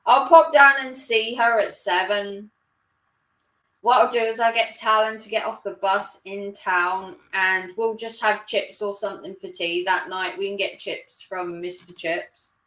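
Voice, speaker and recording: A woman's voice: medium pitch, steady tone, unhurried, a bit bright. A woman chatting casually on a live stream, rambling and laughing often. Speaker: livestreamer. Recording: roomy echo.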